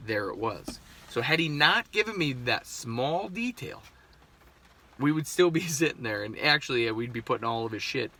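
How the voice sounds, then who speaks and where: A man in his thirties speaks in a casual monologue with a gravelly edge and a bright, forward tone. He rambles candidly, swears freely and often breaks off to restart a thought. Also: medium pitch. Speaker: podcast host.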